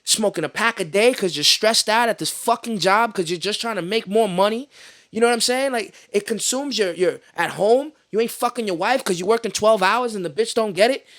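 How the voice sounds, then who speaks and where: A man's voice: high-pitched, fairly quick, a bit bright. A man from New York City hosting a podcast, ranting in casual chat with lots of profanity and slang. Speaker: podcast host.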